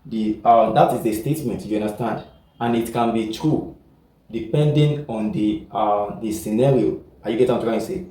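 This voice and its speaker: A man's voice: lowish voice, moderate pace, warm tone. A man teaching a class, often checking whether the students follow and repeating his points. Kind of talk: classroom lecture. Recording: echoey room, far from the mic.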